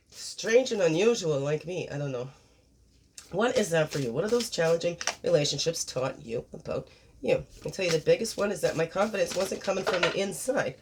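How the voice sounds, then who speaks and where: A woman's voice: lowish voice, background noise. A woman hosting a daily spiritual card reading, reflective and encouraging, asking her listeners many questions. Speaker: spiritual guidance host.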